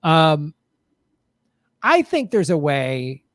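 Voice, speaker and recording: A man's voice: a little high, very animated, extremely slow, fairly bright tone, no room sound. Joking man host, close dry mic. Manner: jokey, riffing, reads chat messages aloud. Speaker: show host reading viewer comments. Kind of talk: casual live-stream chat.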